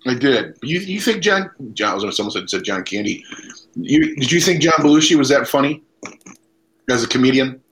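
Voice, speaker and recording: Laid-back man with a lively pitch. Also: fairly quick, slight background noise, low-quality recording. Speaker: podcast co-host. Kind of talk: casual chat.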